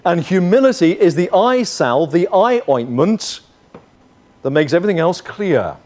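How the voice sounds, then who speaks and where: Male pastor, higher voice, very lively delivery, earnest sermon, swings between loud and quiet. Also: a little slow. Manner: earnest, rises and falls from forceful to hushed.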